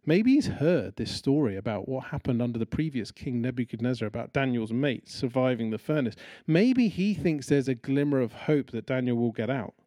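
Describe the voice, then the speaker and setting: A man's voice: mid-range voice, normal speed, hardly any pauses, no room sound. A man preaching a sermon in a conversational, storytelling way, acting out the people he talks about. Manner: conversational, animated storytelling with acted-out quotes.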